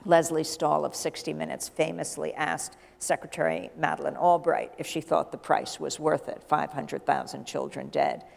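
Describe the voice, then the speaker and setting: A middle-aged woman journalist, a guest in an onstage conversation, telling a lively anecdote and acting out the dialogue. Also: deep voice, normal speed, vocal fry, hardly any pauses. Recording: long hall reverb.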